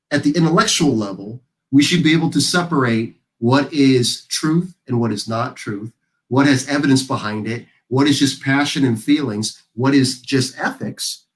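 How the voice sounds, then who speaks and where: A man speaking as a guest on a live panel, making his case in a blunt, argumentative way. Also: medium pitch. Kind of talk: casual panel discussion.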